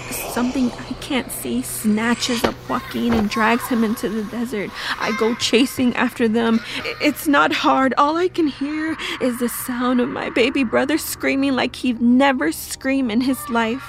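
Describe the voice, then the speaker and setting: A woman narrating a first-person horror audio drama, telling it breathlessly with halting restarts. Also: fairly high pitch, steady tone, creaky, background noise. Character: young woman recalling a family horror.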